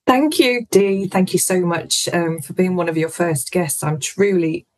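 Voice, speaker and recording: A businesswoman and author, a radio guest, telling a story in a lively way and acting out what people said. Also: lowish voice, a little slow, rough recording. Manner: lively anecdotal storytelling, acts out quoted voices. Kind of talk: storytelling in an interview.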